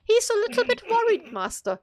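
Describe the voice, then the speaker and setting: A woman's voice: very high-pitched, huge pitch swings, brisk, noisy background, voice pushed up, full character voice. A woman putting on a posh voice as a fussy male robot butler from a film. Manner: posh, flustered.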